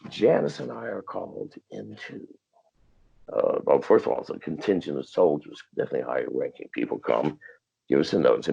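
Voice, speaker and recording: Older man, extremely low gravelly voice, husky, swearing and defiant, dull lo-fi call audio. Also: expressive, fairly quick, mellow. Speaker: interview guest. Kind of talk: profane storytelling interview. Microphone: video call.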